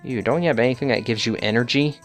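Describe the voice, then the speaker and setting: A man's voice: mid-range voice, fast talker, soft background music, natural voice. A man voicing an old potion-selling hag woman in an old-time 1950s announcer manner. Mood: complaining.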